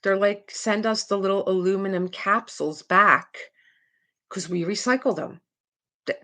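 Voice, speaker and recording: A woman's voice: lowish voice, a bit bright. A middle-aged woman hosting a live craft stream, chatting casually and rambling with her viewers. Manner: rambling, chatty, trails off and restarts. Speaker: diamond painting livestream host.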